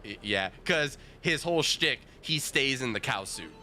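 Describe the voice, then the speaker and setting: A man streaming with viewers, telling a casual, animated story with plenty of swearing and restarts. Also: mid-range voice, moderate pace, faint music behind. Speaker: streamer host. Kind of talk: casual storytelling while gaming.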